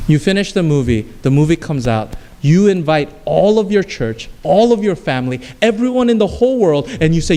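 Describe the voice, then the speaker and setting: A man with a high voice preaches a sermon, telling a story with lively, acted-out lines. His voice rings with a long reverb from a large hall. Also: fairly quick, few pauses. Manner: storytelling, acting out scenes with voices and screams. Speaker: pastor.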